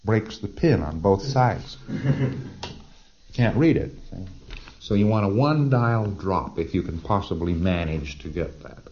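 A man's voice: low-pitched, animated, a little slow, a little mellow, dull audio, slight background noise. A man giving a conversational, emphatic lecture with asides and rhetorical questions. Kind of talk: recorded lecture.

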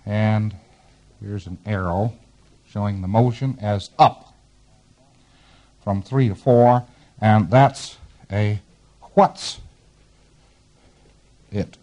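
Speaking in a lowish, darkish voice, this male instructor lectures very slowly and pauses often. He works through diagrams on a board, acting out brief examples and chuckling occasionally.

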